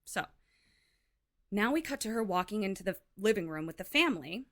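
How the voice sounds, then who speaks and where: A woman co-hosting a podcast, casually retelling a film plot with lots of "like" and quick acted-out quotes. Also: mid-range voice, expressive, fairly bright tone. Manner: chatty, heavy use of "like", acts out quotes. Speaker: podcast co-host.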